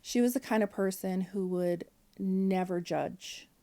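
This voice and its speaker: Mellow-voiced woman telling a family story. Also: medium pitch, measured pace. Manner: candid, emotional, with frequent fillers and quoted dialogue. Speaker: podcast guest. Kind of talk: personal storytelling in conversation.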